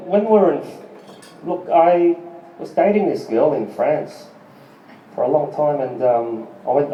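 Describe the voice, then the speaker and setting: Captured on a distant, lo-fi recording in an echoey small music venue, with a little hiss or hum, an Australian man delivers rambling, profane stand-up. His voice is fairly high. He's a comedian and band musician, and he fills the set with ums and asides to the crowd.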